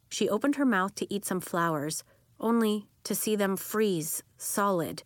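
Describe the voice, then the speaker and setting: A woman reading a children's story aloud as narrator, in an expressive, animated way. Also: medium pitch, moderate pace, no echo, clean studio sound.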